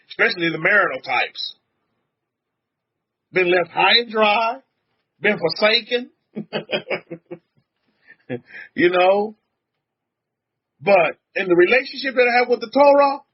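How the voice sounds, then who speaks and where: A rabbi giving a loose, conversational sermon, talking to his congregation in a voice pitched high for a man with a husky edge. He circles back and repeats himself and chuckles often. The recording sounds dull and lo-fi. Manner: chatty and repetitive, often chuckling, addresses the congregation directly. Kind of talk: informal sermon.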